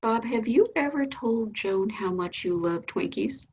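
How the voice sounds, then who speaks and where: A woman voicing a mother who speaks in a calm, loving but firm way. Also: a little high, breathy edge, dull audio, exaggerated voice. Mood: gentle. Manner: soft and measured.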